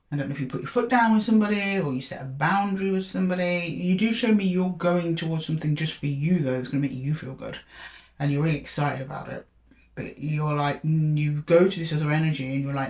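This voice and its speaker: A woman with a lowish, darkish voice does a tarot reading to camera, chatting casually and speaking straight to the viewer while asking aloud for each card.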